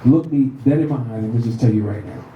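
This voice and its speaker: A middle-aged man from the Bronx with a New York accent, doing a loud, profane stand-up set with shrill put-on voices. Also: fast talker, lo-fi sound, slight background noise. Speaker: stand-up comedian. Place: comedy club stage. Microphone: handheld stage mic. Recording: roomy club sound from a distant mic. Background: audience laughter.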